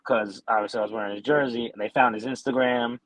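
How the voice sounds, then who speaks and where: A man's voice: medium pitch, fairly even intonation, fast, no echo, poor audio. A man in his twenties from New York, a podcast guest telling hockey stories in a rambling, laid-back way with lots of fillers. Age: 20s. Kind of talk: casual interview chat.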